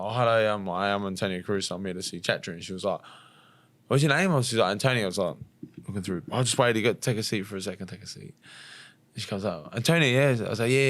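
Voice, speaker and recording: A young Australian man, a fighter guest on a podcast, telling a story in a lively, casual way, acting out the quotes and swearing now and then. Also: lowish voice, no echo. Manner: rapid, animated storytelling with acted-out quotes and swearing.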